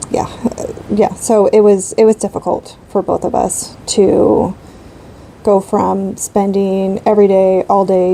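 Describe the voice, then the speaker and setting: Thirties mom, casual rambling chat host, dark mellow tone, slight hiss behind. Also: female voice, mid-range voice, vocal fry, poor audio. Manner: rambling, frequent ums and likes. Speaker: craft channel host. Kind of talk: casual chat while coloring.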